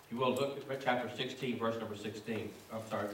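A man's voice: mid-range voice, steady tone, fast talker, slight background noise. Preacher man in an echoey church. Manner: emphatic, repetitive preaching cadence with rising fervor. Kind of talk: sermon. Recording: echoey room, distant mic.

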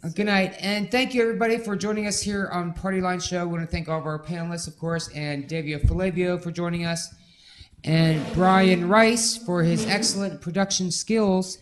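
A man's voice: high voice, fairly even intonation, normal speed, slight background noise. A man hosting a casual, raunchy talk show in a campy way, calling people honey.

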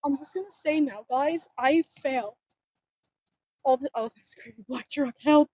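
A nervous high-voiced woman vlogging outdoors on a bike. Her sound is dull and lo-fi, coming from a phone strapped to the handlebars. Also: measured pace, a little mellow, no echo. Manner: nervous, keeps exclaiming. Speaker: cosplay vlogger. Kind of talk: casual vlog while riding a bike.

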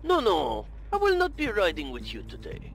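A showy fake-French villain driver. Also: male voice, on the high side, huge pitch swings, moderate pace, a bit bright, soft background music. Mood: smug. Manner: theatrical, showy villain talk. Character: pompous scheming male rival driver with a fake French accent.

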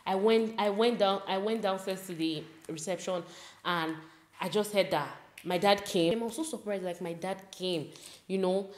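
A young Nigerian woman with a Nigerian accent, telling a school story in an animated, casual way and slipping into pidgin. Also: medium pitch, moderate pace, roomy sound. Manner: animated, mixes in pidgin, laughs while telling. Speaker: vlogger.

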